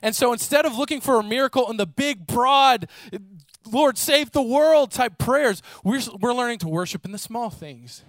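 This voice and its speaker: Male preacher, sermon, animated storyteller, high voice, dry close sound. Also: moderate pace, hardly any pauses, no room sound. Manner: animated storytelling, acts out voices, casual fillers.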